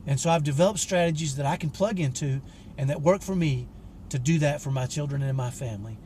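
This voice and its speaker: A man in his fifties tells a frank story about himself straight to camera. His voice sits a little high for a man, and he talks in an earnest, direct way. A faint hiss runs underneath. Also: brisk, mellow. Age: 50s. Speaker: parenting coach for fathers. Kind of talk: candid personal storytelling to camera.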